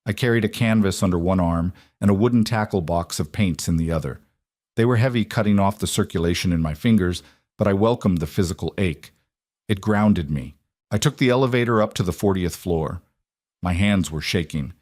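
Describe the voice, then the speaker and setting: A man narrating a first-person romance story in a steady, measured reading. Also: sits low.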